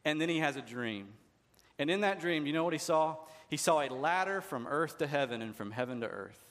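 This pastor's voice is a little high and fairly bright, and he preaches in an animated, fairly quick way. He talks with the congregation conversationally, asking rhetorical questions, and the recording carries long hall reverb.

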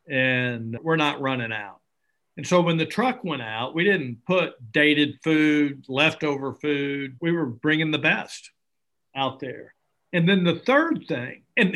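A middle-aged man, an interview guest who founded a charity, telling stories earnestly and acting out bits of dialogue. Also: a little high. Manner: earnest, animated, acts out dialogue. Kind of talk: conversational storytelling.

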